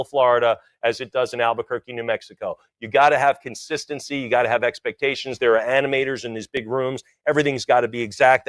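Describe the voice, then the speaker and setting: Male auctioneer, mid-pitched; rhythmic bid chant, chatty asides, close and dry. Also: no echo. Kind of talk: live auction bid calling.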